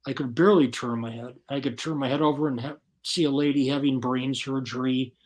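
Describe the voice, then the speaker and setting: A man as an interview guest, telling his story bluntly and profanely in casual, animated talk. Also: medium pitch, a little fast.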